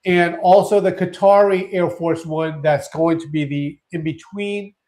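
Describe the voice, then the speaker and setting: A high-pitched man co-hosting a relaxed live stream. He gets excited, trips over his words and starts his sentences over. His tone is chatty and loose. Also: a little slow. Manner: excitable, restarts sentences, laughs often. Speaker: co-host. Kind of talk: casual live-stream chat.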